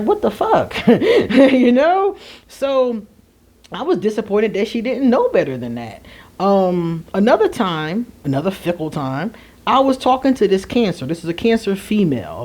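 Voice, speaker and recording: Animated woman telling a story. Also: lowish voice. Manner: animated, laughing, slangy asides. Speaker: astrology vlogger. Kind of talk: candid storytelling chat to viewers.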